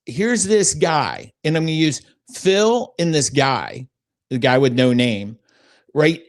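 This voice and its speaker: A middle-aged man hosting a faith podcast, telling a personal story in an earnest, emotional, rambling way. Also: fairly high pitch. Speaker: podcast host.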